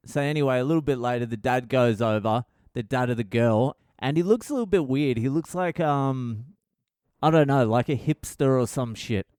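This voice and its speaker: A man's voice: mid-range voice, moderate pace, a little mellow, clear, resonant tone, dry recording, studio quality. Profane Australian man telling stories. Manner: profane, blunt, rambling. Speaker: podcast host. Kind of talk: casual storytelling monologue.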